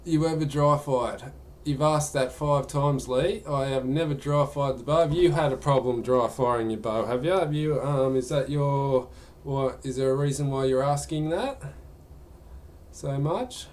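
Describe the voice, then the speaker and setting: A man's voice: medium pitch, a little slow, darkish tone. A man chatting casually during a live gaming stream, answering viewer questions in a rambling way.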